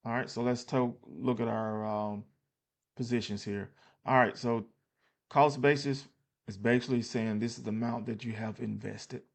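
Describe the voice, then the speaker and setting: A man's voice: mid-range voice, fairly even intonation, normal speed, vocal fry. A man casually walking through his investment portfolio on screen, loose and plainspoken with many fillers and restarts, a little tired. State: tired, yawning. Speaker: investing channel host.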